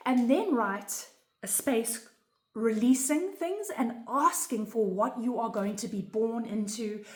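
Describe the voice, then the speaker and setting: Her voice is a little high with a darkish tone, and the room echoes around her. This spiritual teacher is nearly in tears as she gives a casual, earnest explanation of a home ritual, frequently checking in with "right?".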